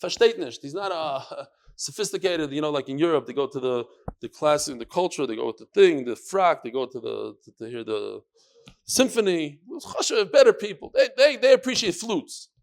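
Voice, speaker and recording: A man's voice: on the high side, big pitch swings, normal speed. A man, a rabbi, teaching a live Talmud class in a study hall. He tells stories with flair, acts out the quotes and talks straight to his students.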